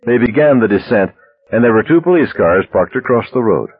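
A man narrating a story aloud in a steady, measured reading. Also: mid-range voice, breathy edge, faint music behind. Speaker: audiobook narrator. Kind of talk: scripted narration. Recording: dry tinny phone-like sound.

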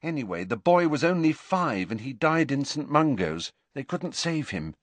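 Man reading as bright brisk schoolgirl, high lively voice, pitched well up, dry close sound. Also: dry recording. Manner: brisk, earnest. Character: brisk clever teenage schoolgirl.

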